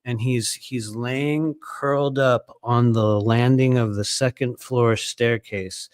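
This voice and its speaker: A man's voice: medium pitch, steady tone, takes it slowly, clean tone, no echo. A man in his fifties telling a story to his viewers in a casual, rambling way, with many fillers and repeated phrases. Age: 50s.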